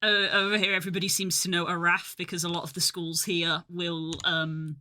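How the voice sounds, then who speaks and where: A woman hosting a live art stream, chatting casually and telling quick stories in a friendly way. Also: fairly low pitch, level tone, sharp tone, a little hiss or hum. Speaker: streamer host.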